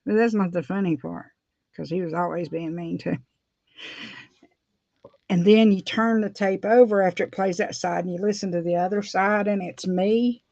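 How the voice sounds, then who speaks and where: A woman's voice: mid-range voice, darkish tone, no room sound. Middle-aged woman, chatty nail vlogger, muffled dry home recording. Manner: rambling, laughs often. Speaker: beauty vlogger. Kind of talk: casual chat while doing nails. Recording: dull dry lo-fi sound.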